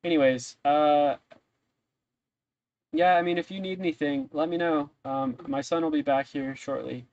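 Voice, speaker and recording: A man's voice: fairly high pitch, fairly even intonation, moderate pace, a little mellow, highs cut off, close to an everyday voice. A man voicing a friendly, gossipy woman innkeeper who rambles with many fillers. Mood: chatty.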